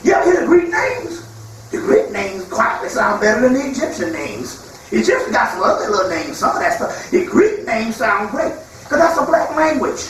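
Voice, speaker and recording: A man in a rambling spoken lecture with a fairly high voice, heard from a distance. He talks emphatically and profanely, slipping into mocking asides. The room is strongly echoey, with a faint hum behind him. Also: wildly swooping pitch, normal speed, a bit bright. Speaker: spiritual lecturer. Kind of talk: freewheeling lecture. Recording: echoey hall, far from mic.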